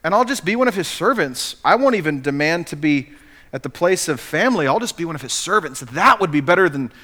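Male pastor, bright forceful voice, emphatic storyteller. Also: on the high side. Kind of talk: sermon.

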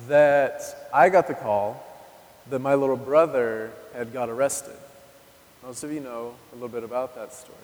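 A man in his thirties giving a personal testimony sermon, talking candidly and directly to the audience. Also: mid-range voice. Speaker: preacher. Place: church hall. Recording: live recording in a reverberant hall.

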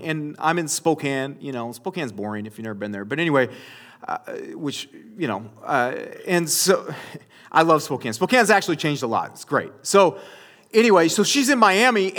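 A man's voice: sits high, pushed and bright. A man preaching a sermon in a conversational storytelling way, often speaking to his listeners as you guys. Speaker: pastor.

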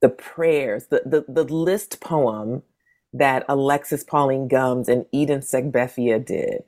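A woman in her forties, a guest in a casual conversation, telling stories and acting out the people she quotes. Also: takes it slowly. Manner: animated, acts out quoted voices with big pitch jumps. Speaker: interview guest, zine maker.

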